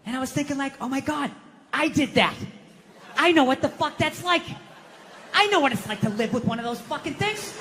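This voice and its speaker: A man with a Boston accent doing a profane stand-up rant on stage, dropping to low mutters and jumping to high outbursts. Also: lively intonation, fairly quick, big-room sound, background noise. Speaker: stand-up comedian. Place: live venue with audience laughter.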